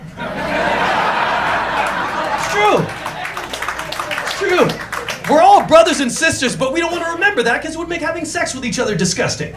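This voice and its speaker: This comedian's voice is very high and expressive, moving at a normal speed with frequent pauses. He's doing a stand-up set in a club, ranting through jokes and mimicking his friends, and the echoey room carries crowd noise.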